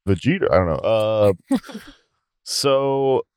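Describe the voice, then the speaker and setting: A man's voice: fairly low pitch, sing-song, moderate pace, no room sound, clean studio sound. A man co-hosting a podcast, chatting loosely about a cartoon episode with lots of fillers and chuckles. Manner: loose and rambling, with many fillers, chuckling along. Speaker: podcast co-host. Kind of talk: casual chat recapping a cartoon episode.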